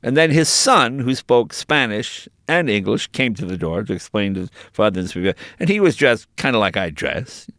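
An older American man telling lively, laughing anecdotes as an interview guest. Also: on the low side, moderate pace, hardly any pauses, no room sound, studio quality. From United States. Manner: animated anecdotes, laughing, jumping into voices. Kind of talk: casual storytelling in an interview.

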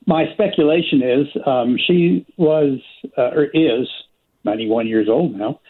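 A middle-aged man calling into a radio show, speaking slowly and haltingly over a phone line. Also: mid-range voice, breathy edge. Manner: slow, halting. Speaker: caller.

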